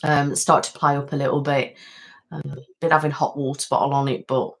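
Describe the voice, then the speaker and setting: A woman's voice: low-pitched, level tone, brisk. A woman from the West Midlands of England with a West Midlands accent, chatting casually and self-deprecatingly on a live stream, with many ums. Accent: West Midlands English. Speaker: ASMR channel host. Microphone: webcam setup at home.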